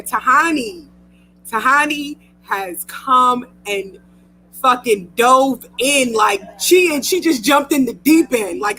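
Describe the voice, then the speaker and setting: A woman's voice: fairly high pitch, slow, sharp tone, a little hiss or hum, poor audio. A young woman hosting a radio talk show, chatty and emotional, often laughing. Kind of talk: casual chat.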